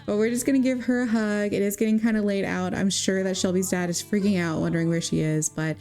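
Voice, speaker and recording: A woman's voice: mid-range voice, fairly even intonation, quick pace. A young woman vlogger casually narrating a game story in a chatty, giggly way, full of "she's like" quotes. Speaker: gaming vlogger. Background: soft guitar music.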